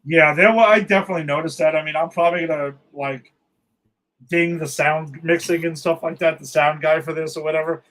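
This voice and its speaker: Exasperated man with a slightly high voice. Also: fairly even intonation, brisk, fairly bright tone, low-quality recording. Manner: exasperated, swearing, rambling with restarts. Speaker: podcast co-host. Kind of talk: casual movie review chat.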